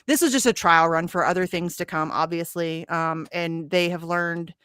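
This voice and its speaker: A woman's voice: lowish voice, normal speed, a bit bright, clear, resonant tone, dry recording, studio quality. A woman hosting a casual online panel talk, blunt and swearing freely. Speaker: show host.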